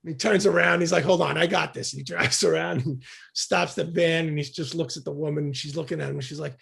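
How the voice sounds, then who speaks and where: A man from the United States, a podcast guest, telling a story in casual chat, lively and laughing as he acts out what people said. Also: a little high, fast, vocal fry, slightly rough. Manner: animated storyteller, acts out quotes with shouts and laughs.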